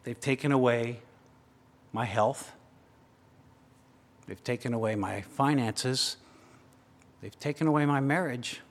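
A man preaching a sermon, moving between hushed, slow reflection and raised, urgent emphasis, repeating phrases in building lists. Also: mid-range voice, big-room sound. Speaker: pastor.

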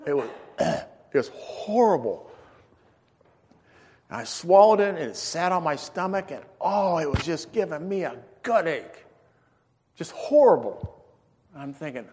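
A man preaching a storytelling sermon in a folksy, animated way, acting out the dialogue in his story. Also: a little high, a little slow, pauses often, a little hiss or hum. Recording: long reverb in a large hall.

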